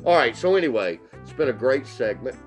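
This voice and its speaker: A man's voice: mid-range voice, animated, fairly quick, soft background music. A man co-hosting a podcast in casual banter, blunt and opinionated, often stumbling over restarts. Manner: blunt and opinionated, repeats "you know what", stammers on restarts. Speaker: podcast co-host.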